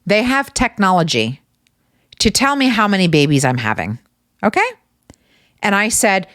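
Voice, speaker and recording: A woman hosting her own podcast, telling funny stories in a casual, animated way and swearing freely. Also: mid-range voice, normal speed, pauses often, no echo, clean studio sound. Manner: animated, profane, exasperated storytelling. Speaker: podcast host. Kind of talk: casual comedic storytelling.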